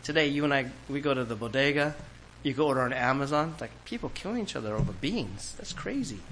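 A man's voice: mid-range voice, expressive, quick pace, a bit bright, slight background noise, rough recording. A man preaching a sermon to a congregation in a church, talking in a conversational way and acting out quoted voices. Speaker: pastor.

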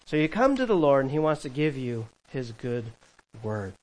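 A man preaching a sermon as pastor, swinging from loud, emphatic calls to quiet asides and chuckling between points. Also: medium pitch, big pitch swings, moderate pace, low-quality recording.

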